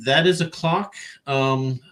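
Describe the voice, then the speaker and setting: A middle-aged man hosts a relaxed interview over a video call. He rambles through his anecdotes with a dry, deadpan humor. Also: medium pitch, takes it slowly. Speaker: podcast host. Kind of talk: casual interview chat.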